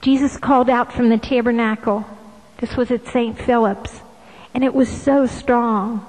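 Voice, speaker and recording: Woman, devotional address, hushed, breathy whispers, very slow, long echo. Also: fairly high pitch, fairly even intonation. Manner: hushed, often slipping into whispers. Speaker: visionary sharing devotional messages.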